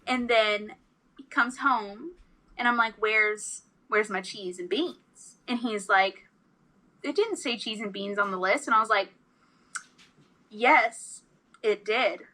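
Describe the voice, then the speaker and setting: A woman's voice: medium pitch, a little slow, poor audio. A woman co-hosting a casual podcast chat, telling stories animatedly and acting out the quotes. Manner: animated storyteller, acts out quotes. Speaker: podcast co-host.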